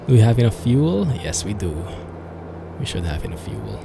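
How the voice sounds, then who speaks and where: Man, gravelly lowish voice, casual flight-sim stream commentary, chatty and amused, music behind. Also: wildly swooping pitch, moderate pace.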